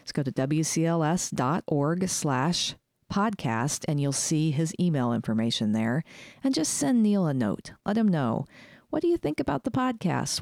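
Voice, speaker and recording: A woman's voice: sits low, a little mellow, no echo, studio quality. A woman hosting a library podcast in a casual, chatty way, laughing easily. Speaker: podcast host. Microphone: studio microphone.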